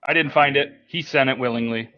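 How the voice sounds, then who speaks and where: A man's voice: medium pitch, brisk, dull audio. A man hosting a casual chat show, easygoing, moving the talk along with questions. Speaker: host.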